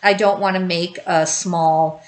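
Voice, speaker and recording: A woman's voice: on the low side, steady tone, a little slow, low-quality recording. A woman in her fifties hosting a grief-support video, talking candidly to the camera and rambling in circles with frequent restarts. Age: 50s. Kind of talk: candid personal talk to camera.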